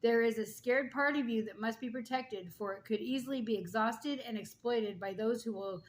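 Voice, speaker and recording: A woman with a somewhat high voice gives a spiritual oracle card reading. She moves between reading the card's message and chatty, encouraging asides aimed at the listener. She keeps checking in with a quick "okay?" or "all right?". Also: slight background noise. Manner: reads card text, then adds casual asides with frequent "okay?" and "all right?"; earnest and encouraging, speaking straight to the listener.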